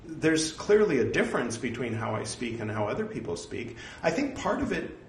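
A man's voice: mid-range voice, very animated, moderate pace, reverberant, recorded from a distance, a little hiss or hum. A man with a Californian American accent, talking in a rambling, jokey, self-deprecating way as host of a reading series. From California, United States. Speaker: host reading a religious text. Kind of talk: casual spoken aside.

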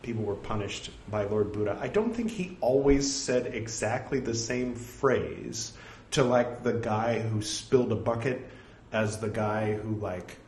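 A man's voice: on the low side, unhurried, a little mellow. A man reading religious scripture aloud, saying the punctuation as he goes, and breaking off into casual, rambling asides. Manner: reads out punctuation such as quote and three dots; casual asides full of fillers like "like" and "you know". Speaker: scripture reader. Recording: echoey room.

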